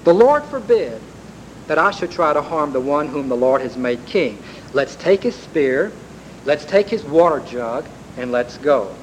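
A man's voice: a little high, animated, a little slow, rough recording. A man voicing a bold, devout young warrior in his own earnest preaching voice. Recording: faint background hiss.

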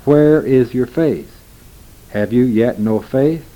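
A man voicing a calm male teacher with gentle authority, in a measured, solemn delivery. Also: mid-range voice, highs cut off, close to an everyday voice.

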